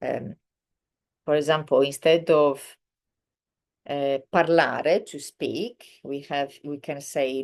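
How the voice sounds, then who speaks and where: A woman teaches a beginners' language lesson in a casual, patient way, often pausing with ums and correcting herself. Her voice sits very low and she speaks slowly. She walks through examples one at a time. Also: gravelly, darkish tone. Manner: explains patiently with frequent ums and self-corrections. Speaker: Italian teacher.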